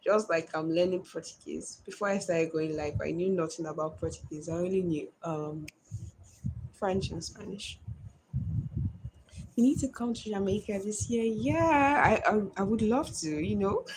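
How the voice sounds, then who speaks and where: A woman's voice: medium pitch, moderate pace, a little mellow, husky. A woman with a Nigerian accent chatting casually on a live stream, greeting viewers by name and answering their comments.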